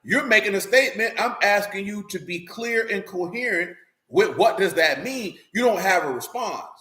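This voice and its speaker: A man's voice: high voice, lively intonation, normal speed, pushed and bright. A man preaching in a casual, conversational way, blunt and streetwise, who keeps checking that his listeners follow him. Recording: roomy echo.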